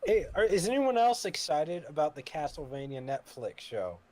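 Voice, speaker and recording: Excitable man with a lively voice. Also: a little high, normal speed. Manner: excitable, playful. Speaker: stream guest. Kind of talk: casual group chat.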